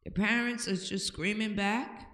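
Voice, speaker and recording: A woman's voice: medium pitch, steady tone, a little slow, a bit bright. An older woman hosting a home-remedy talk, giving emphatic, preachy advice and often checking in with "okay?". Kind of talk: casual advice talk to camera. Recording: echoey room with long reverb.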